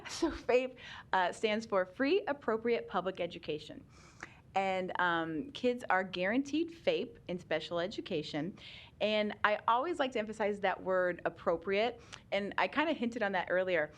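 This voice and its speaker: A woman's voice: medium pitch, expressive, normal speed. Chatty middle-aged woman who laughs a lot. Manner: chatty, laughs often, many fillers. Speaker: special education presenter. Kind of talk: conversational testimony. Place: legislative hearing room.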